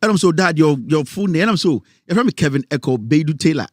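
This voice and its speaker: Ghanaian man, radio host, higher pitch, dry close sound, animated storytelling. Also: fast, dry recording. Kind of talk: casual radio talk mixing Twi and English.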